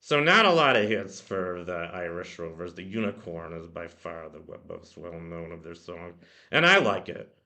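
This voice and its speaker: A man with a low, bright, forceful voice talks through a favorite song at home. He rambles casually, leaning on fillers and restarts, as if chatting to viewers from his computer mic. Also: very animated, normal speed. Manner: rambling, many "you know" fillers. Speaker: music blog host. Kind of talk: casual spoken song commentary. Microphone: computer microphone.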